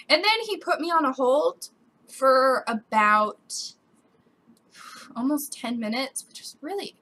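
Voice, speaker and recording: A young woman rants on her vlog, emotional and on the edge of crying. Her voice sits high and sounds bright, and she swears casually as she vents. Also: lively intonation, a little slow. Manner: emotional, swearing, voice breaking with quoted outbursts. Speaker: gaming YouTuber. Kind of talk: upset personal vlog rant.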